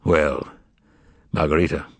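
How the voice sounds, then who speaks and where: A man voicing a calm, commanding male devil figure who speaks in a low, unhurried, reassuring way. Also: gravelly, no room sound, heavily acted.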